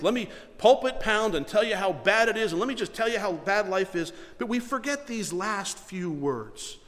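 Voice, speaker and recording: A middle-aged man preaches to his congregation, earnest and emphatic, pushing some phrases hard and letting others fall quiet. His voice sits a little high for a man. The sound carries a long reverb from the church hall around him. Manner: earnest, emphatic preaching with rising and falling volume. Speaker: pastor. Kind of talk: sermon.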